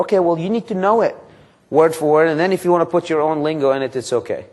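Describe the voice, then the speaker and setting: Man with a higher voice running sales training. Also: fast. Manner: energetic, quizzes the audience with questions; acts out sample phone calls and pitches. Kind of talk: live sales training seminar. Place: training room with a live audience.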